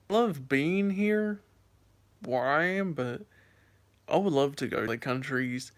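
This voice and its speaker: Young guy vlogging, rambly and casual, smooth clear voice. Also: fairly bright tone. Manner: rambling storyteller, lots of "like" and "um"; voice jumps high and squeaky when acting out scares. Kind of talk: casual chat to camera.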